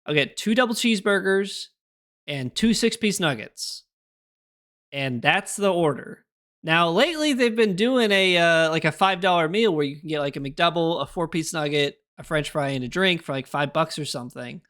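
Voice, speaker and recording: A man's voice: on the high side, animated, moderate pace, fairly bright tone. A young man chatting casually on a live stream, rambling through opinions and answering his chat with little laughs.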